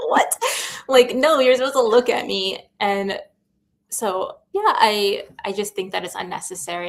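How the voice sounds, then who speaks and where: This is a woman student teacher speaking in a relaxed interview, her voice sitting in a middle register. She tells stories with lots of energy, acting out what she said, with frequent laughter. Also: medium pitch. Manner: animated storyteller, acts out her own voice, laughs often. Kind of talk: casual interview chat.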